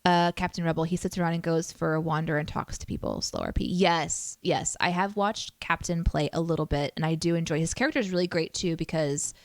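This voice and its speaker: A woman's voice: deep voice, animated, brisk, hardly any pauses, no room sound. Woman streamer, casual self-deprecating chat, dry close mic. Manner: chatty, self-deprecating, reads chat aloud.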